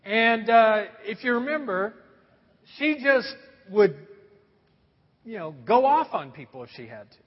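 A man's voice: high voice, very animated, a little slow, pauses often, long reverb tail, lo-fi sound. A man preaching a sermon, telling stories in a conversational way and asking the audience questions. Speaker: pastor.

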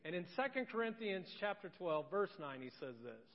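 Pastor, male, earnest emphatic preacher, high-ish voice, long hall reverb. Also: sing-song, a little fast. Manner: earnest, emphatic, repeats key phrases. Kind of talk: sermon. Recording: dull sound with long church-hall reverb.

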